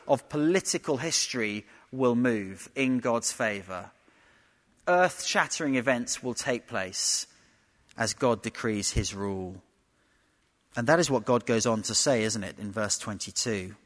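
Preacher in a reverberant hall. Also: male voice, mid-range voice, a bit bright. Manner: emphatic, uses rhetorical tag questions. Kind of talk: expository sermon.

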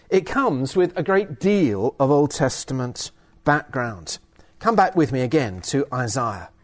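A man's voice: fairly high pitch, a little mellow. A man preaching a sermon and reading from the Bible, emphatic with hesitant fillers.

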